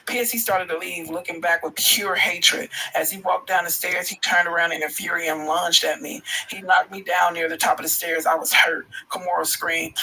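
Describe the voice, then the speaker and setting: A man hosting a livestream, reading a first-person story aloud with an expressive delivery and reacting aloud along the way. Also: sits high, moderate pace, slight background noise, rough recording. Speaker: livestream host.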